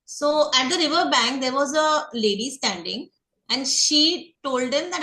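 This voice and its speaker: A woman life coach, gently telling a teaching story on a video call, repeating herself and slipping into Hindi phrases. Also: high voice, lively intonation, unhurried, echoey room, rough recording. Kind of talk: storytelling in an online session.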